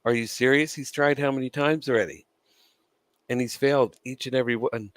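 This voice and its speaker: A man's voice: medium pitch, fairly even intonation, fairly quick, no room sound. Gum-chewing man ranting casually. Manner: chatty, swears freely, laughs between points. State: chewing gum, dry mouth. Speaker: wrestling news vlogger. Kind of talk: casual opinionated commentary.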